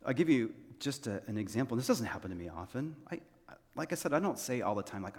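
A man's voice: mid-range voice, lively intonation, brisk, darkish tone, slightly rough. A man who is a senior pastor, giving an earnest, conversational sermon to his congregation and repeating key phrases. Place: church sanctuary. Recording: long hall reverb.

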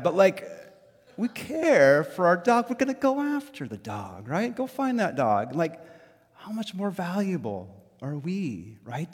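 A man preaching a sermon as pastor, talking in a loose, conversational way with lots of fillers and lively storytelling. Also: medium pitch, in a large hall.

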